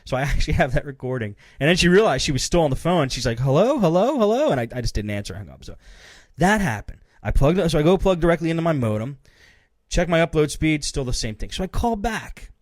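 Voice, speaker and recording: Man, podcast host, casual rant, slightly high voice, dry close sound. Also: fast, no echo. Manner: animated, acts out both sides of phone calls.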